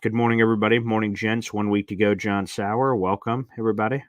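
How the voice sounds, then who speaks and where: A man's voice: on the low side, steady tone, quick pace, dry recording. Rambling man hosting a live stream. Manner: rambling, reads chat aloud, tells stories animatedly. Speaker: live show host. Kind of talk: casual live-stream chat.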